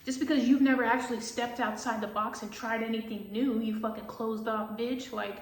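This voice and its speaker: A woman's voice: a little high, steady tone, normal speed, hardly any pauses. Profane, scornful woman ranting in an echoey room. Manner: profane, scornful, with mocking quoted voices. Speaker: tarot reader. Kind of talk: casual ranting monologue.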